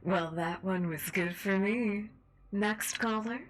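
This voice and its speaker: A woman's voice: medium pitch, pitched above the performer's own voice, natural voice, rough recording. A woman putting on a whispering cruel radio host. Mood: smug. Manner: slow, whispered, domineering commands. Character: cruel manipulative female radio call-in host. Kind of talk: whispered role-play.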